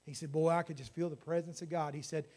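A man's voice: fairly high pitch, fairly even intonation, fast, darkish tone. A man, a pastor telling a story in his sermon and then praying with fervour. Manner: storytelling that builds to fervent praying.

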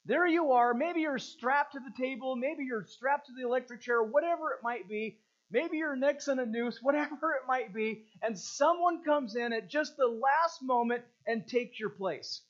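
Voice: high-pitched, normal speed. Earnest preacher doing a catechism sermon, keeps asking the same questions, muffled lo-fi sound. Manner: earnest, repeats rhetorical questions for emphasis. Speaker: preacher teaching a catechism lesson.

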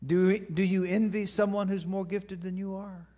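A middle-aged man preaching a sermon as a pastor, earnest, moving between loud pleading questions and quiet, hushed prayer. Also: high voice, flat delivery, normal speed. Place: church.

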